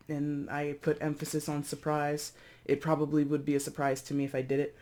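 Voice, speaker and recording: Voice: medium pitch, level tone, a little fast, a little mellow, a little hiss or hum. A tarot reader giving a casual reading to camera, chatty and rambling, often repeating and correcting themselves, with giggly asides.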